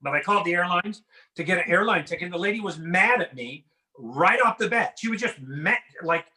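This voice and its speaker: A man's voice: sits high, expressive, fairly quick, pushed and bright. A middle-aged man performing a conversational, self-deprecating stand-up set from his home over a video call. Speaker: stand-up comedian. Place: home in a house.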